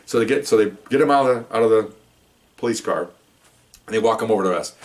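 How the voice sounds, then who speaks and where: A man's voice: lowish voice, fast. An older man, a retired police officer, telling stories in a casual, rambling way with frequent restarts and asides. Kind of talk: casual anecdotal storytelling.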